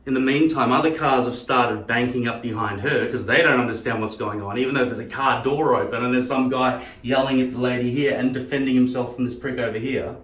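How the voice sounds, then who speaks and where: A man's voice: mid-range voice, steady tone, brisk, hardly any pauses, a bit bright. A man ranting in a casual monologue, a profane and heated storyteller. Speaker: channel host. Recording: roomy, distant mic.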